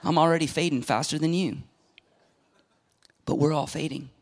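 A middle-aged man preaching a sermon as pastor, emphatic and animated, acting out quoted voices and dropping at times to a whisper. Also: fairly high pitch, normal speed, vocal fry.

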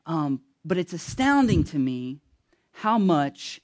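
A man pastor giving a sermon in a casual, joking way, talking straight to the congregation and slowing down to stress key words. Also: fairly high pitch, very animated. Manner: slow, emphatic when stressing key words.

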